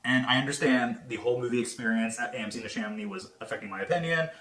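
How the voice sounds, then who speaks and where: A man rattles through a casual movie review in a bright, forceful voice, animated and swearing freely. He talks fast and with a lot of energy, never slowing into a formal tone. The sound is roomy, with a clear echo from the space around him. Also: medium pitch. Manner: animated and heavily profane, talking fast. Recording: echoey room.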